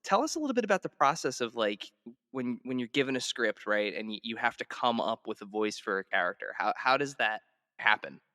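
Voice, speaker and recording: A man's voice: medium pitch, sing-song, brisk, pushed and bright, no echo, studio quality. A male podcast host asking eager, stumbling questions in a casual interview.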